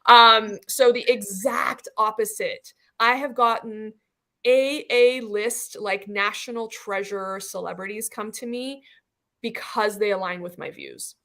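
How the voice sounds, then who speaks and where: A woman's voice: medium pitch, measured pace. A middle-aged woman from Iran, a physician speaking as a panel guest, telling stories animatedly in casual talk with lots of "like" fillers. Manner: animated storytelling, many "like" fillers.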